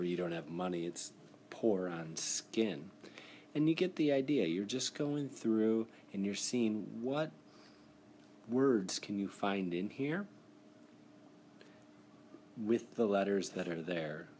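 A teacher with a very low, darkish voice takes young students through a spelling exercise in a classroom screencast, explaining each step in an encouraging, methodical way. He's expressive but slow, pausing often. His device mic for screen recording leaves a faint hiss under the audio.

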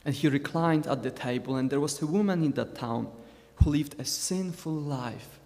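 A young man in his twenties with a Scottish Borders accent preaches a sermon in a chatty way, with joking asides to his congregation. His voice sits a little high for a man. It rings with the long reverb of a church hall. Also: moderate pace, darkish tone. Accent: Scottish, Borders (Galashiels). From Scotland. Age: 20s.

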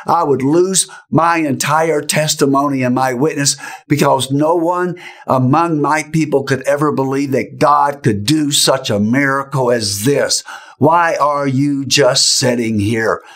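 A man voicing an astonished young woman convert who speaks in a loud stage whisper full of incredulous questions. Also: mid-range voice, a little slow, voice pushed up.

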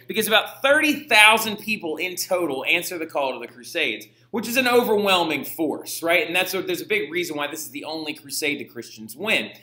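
A man's voice: a little high, bright, forceful tone. A young male history teacher giving a casual, chatty lecture, often checking in with "right?". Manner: chatty, slangy, frequent "right?". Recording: echoey room.

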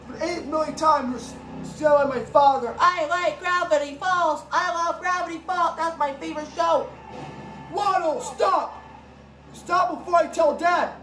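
A woman improvising a toy play, voicing several characters and switching voices, with bursts of shouting. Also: high voice. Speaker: home video creator. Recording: echoey room with faint background noise.

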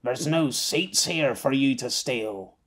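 A grumpy, gravel-throated old soldier of fortune, voiced by a man reading an audiobook. He talks bluntly and wearily, like someone who has seen too much fighting. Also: mid-range voice, animated, takes it slowly, a bit bright. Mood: surly. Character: gruff old male mercenary, gravelly. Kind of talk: audiobook character voice.

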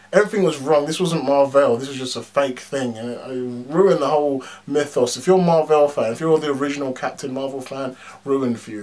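A man in a casual movie-review vlog, ranting bluntly with plenty of swearing and "like"s and "um"s. His voice sits at an ordinary middle pitch for a man. He sounds like he is talking straight to his viewers. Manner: animated, blunt, frequent swearing and fillers.

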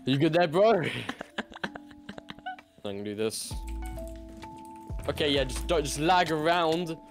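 A man's voice: fairly high pitch, expressive, slow, faint music behind. Teasing man joking through a game. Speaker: guest co-player. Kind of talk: casual gaming banter.

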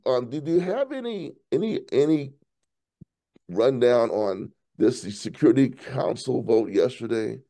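Casual chat, a man with a gravelly, dark voice who swings his pitch widely and repeats words. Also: a little slow. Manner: animated, repeats words, laughs into high pitch.

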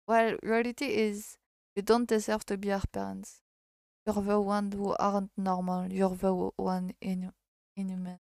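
A woman's voice: medium pitch, level tone, normal speed, a little mellow, no room sound, clean studio sound, close to an everyday voice. A woman with a French accent reading the part of a protective grown man in a game, scolding a pair of parents with indignation. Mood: outraged. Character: protective, outraged adult male neighbor.

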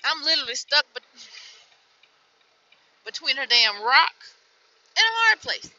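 Young female truck driver, frustrated vlog rant from the cab; bright, dry, slightly lo-fi phone sound. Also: very animated, measured pace, dry recording. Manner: frustrated, weary, swings from low mutters to loud outbursts.

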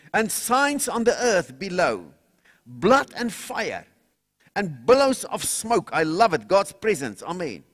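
A man preaching a sermon as pastor, swinging from loud cries to quiet low asides and calling on the congregation to respond. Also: husky. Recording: long hall reverb.

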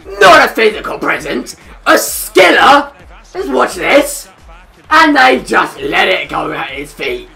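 Hoarse, high-voiced young man yelling at a game. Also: slow, faint music behind. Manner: loud, excitable, swears constantly, yells at the game. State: hoarse from shouting. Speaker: gamer and channel host. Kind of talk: let's play commentary.

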